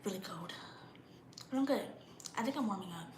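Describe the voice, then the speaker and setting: Animated and quick, a young woman with a fairly high voice vlogs casually in a blunt, slang-heavy monologue while shivering slightly in the cold. She mimics her parents mockingly now and then, and the room is echoey with a noisy background.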